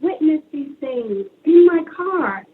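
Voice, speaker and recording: A woman with a high voice tells her stories in a lively way and acts out the other people's lines. She comes through a tinny phone line with faint noise behind her. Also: slow pace. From Brooklyn, New York. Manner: animated storyteller acting out quoted dialogue, laughing and tearful at times. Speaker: guest author. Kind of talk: casual interview chat.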